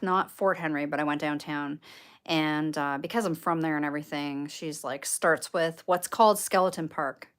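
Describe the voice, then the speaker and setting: A woman's voice: deep voice, a bit bright. A woman from Canada chatting casually on a livestream, rambling and swearing with lots of fillers. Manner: rambling and profane, with many fillers. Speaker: paranormal livestreamer. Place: room at home lit by candles.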